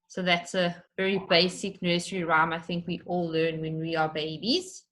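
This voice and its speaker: A woman teaches young children in an unhurried, careful way. Her voice sits a little low. She explains step by step and stretches words out so each syllable comes through. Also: steady tone, a bit bright. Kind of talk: slow, patient online lesson for children.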